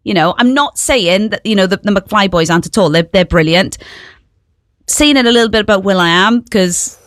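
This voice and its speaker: A woman's voice: medium pitch, moderate pace, dry recording. A woman co-hosting a casual chat, talking in a chatty, gossipy way and hedging with fillers as she goes. Her voice sits in an ordinary middle range, recorded close and dry with no room sound. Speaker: co-host.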